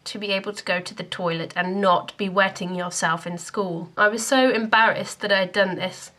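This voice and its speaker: A woman's voice: mid-range voice, fairly even intonation, normal speed, pushed and bright. A young woman from Scotland, talking to camera in a chatty, self-deprecating vlog. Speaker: YouTuber.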